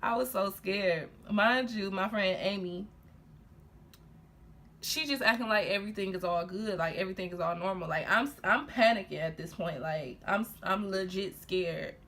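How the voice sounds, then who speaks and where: A woman's voice: mid-range voice, moderate pace. A young woman casually telling a personal story in a getting-ready vlog, talking animatedly with lots of fillers and restarts. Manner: animated, heated retelling full of fillers and laughs. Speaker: vlogger.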